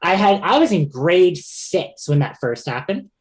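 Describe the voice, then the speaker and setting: A man's voice: high voice, very animated, unhurried. A man talking as a podcast guest in casual chat, stopping and restarting often and laughing between stories.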